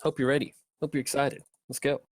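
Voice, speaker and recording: A man's voice: mid-range voice, level tone, fast, dry recording. An upbeat man runs a casual card game with friends, laughing often between turns. His voice sits in a middling range. It is recorded close and dry, with no room sound. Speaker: host of a card game session. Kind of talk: casual chat while playing a card game.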